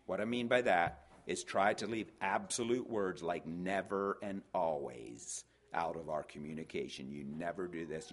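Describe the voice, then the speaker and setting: A man's voice: on the low side, fairly bright tone. An older man preaching a sermon on marriage, telling folksy stories with hesitant restarts and quoting voices.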